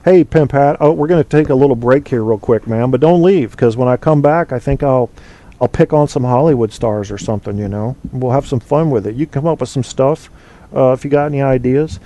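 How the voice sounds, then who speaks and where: A mellow, dark-voiced man rambles through his opinions as he hosts a casual call-in show. He fills the gaps with ums and restarts and keeps things loose and chatty. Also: mid-range voice, brisk. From United States. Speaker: podcast host.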